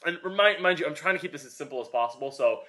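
A man's voice: fairly high pitch, lively intonation, racing, fairly bright tone. A young man co-hosting a fitness podcast in casual chat, rambling with lots of fillers as he explains. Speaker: podcast co-host, personal trainer.

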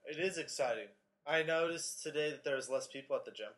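A man's voice: on the high side, fast, fairly bright tone. A man co-hosting a fitness podcast in casual chat, dropping dry sarcastic asides. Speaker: podcast co-host, personal trainer.

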